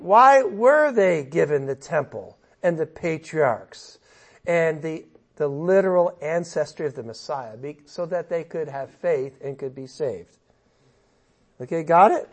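High gravelly preacher, emotional and emphatic. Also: male voice, expressive, a little slow. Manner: emotional, emphatic, conversational asides to audience. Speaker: pastor. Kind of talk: expository sermon.

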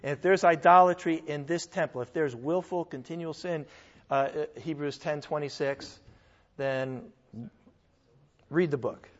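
A man's voice: on the high side, unhurried. A man preaching a sermon in an emphatic, conversational way, firing off rhetorical questions. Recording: dull sound in a reverberant hall.

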